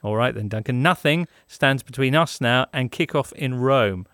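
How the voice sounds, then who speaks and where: A man's voice: medium pitch, normal speed, fairly bright tone, no echo, clean studio sound. A man hosting a podcast, reading ads in a jokey, playful way. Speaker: podcast host. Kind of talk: casual podcast chat and ad read.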